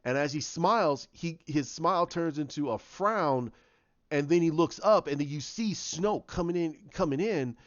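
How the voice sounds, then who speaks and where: A man's voice: fairly high pitch, moderate pace, no echo, highs cut off. A man in a casual fan retelling, rambling along with many restarts. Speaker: fan commentator.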